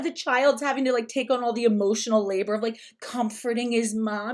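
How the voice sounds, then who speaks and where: A woman's voice: fairly high pitch, fairly even intonation, a little fast. Woman in a rambling, casual commentary. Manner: rambling, with many restarts and fillers.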